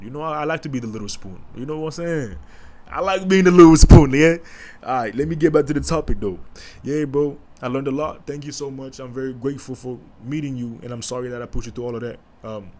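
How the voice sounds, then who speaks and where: A man talks through a raw personal confession on his podcast. He is halting and emotional, keeps restarting his sentences, and slips into casual slang. His pitch sits in a middling range, and faint noise hums in the background. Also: darkish tone. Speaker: podcast host. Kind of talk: candid personal monologue.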